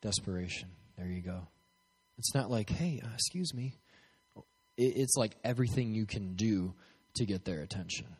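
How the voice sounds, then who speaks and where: A man's voice: fairly low pitch, normal speed, darkish tone, husky. A man as pastor, preaching a joking sermon with prayer and questions to the crowd, speaking from a podium in a church hall. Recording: long hall reverb.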